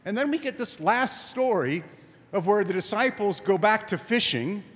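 Lively-voiced male preacher in a reverberant hall. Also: high voice, normal speed. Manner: emphatic, conversational, asks the congregation questions. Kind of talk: sermon. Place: camp meeting.

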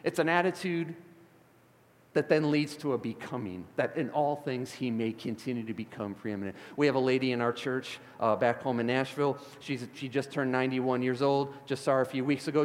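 A man's voice: medium pitch, fairly quick. A middle-aged male pastor from the Chicago area preaching a sermon in a church, shifting from conversational storytelling to fervent emphasis. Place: church sanctuary. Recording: long hall reverb of a church.

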